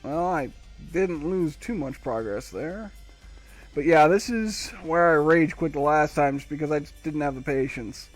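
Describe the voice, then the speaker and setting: A man's voice: on the high side, unhurried, faint music behind. A man streaming a video game live, rambling to himself with wry, casual commentary as he plays. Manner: rambling, self-talking, wry.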